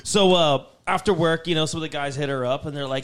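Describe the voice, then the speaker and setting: A man's voice: on the high side, fast talker, hardly any pauses. A man telling a long story as a podcast co-host, swearing and acting out the voices of the people in it. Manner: animated, swearing, acts out quoted voices. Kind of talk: casual storytelling.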